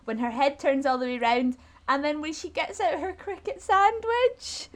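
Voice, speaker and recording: Female co-host with a high voice, playful and giggly, and a loose, hesitant delivery. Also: moderate pace. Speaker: podcast co-host. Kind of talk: casual chat about a TV show.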